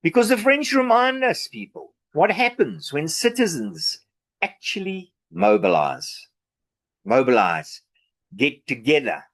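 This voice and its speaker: A man's voice: fairly high pitch, a bit bright. A South African man giving a sarcastic, opinionated political rant, with many fillers and restarts. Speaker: political commentary vlogger.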